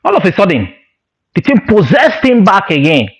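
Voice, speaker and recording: A man with a Nigerian accent telling a story in a casual, animated way, with laughs and Pidgin asides. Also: high-pitched, normal speed, slightly rough. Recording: lo-fi dull sound.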